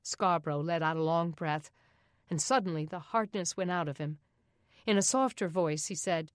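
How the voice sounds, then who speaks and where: A woman narrating an audiobook in a steady, even reading. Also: fairly low pitch, normal speed, dry recording, clean studio sound. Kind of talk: scripted narration.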